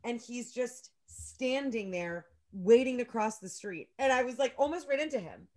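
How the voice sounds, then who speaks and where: A young woman co-hosting a podcast, telling a story in a loose, animated and profane way, full of filler words. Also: a little high, normal speed. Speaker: podcast co-host. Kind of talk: casual chat, storytelling.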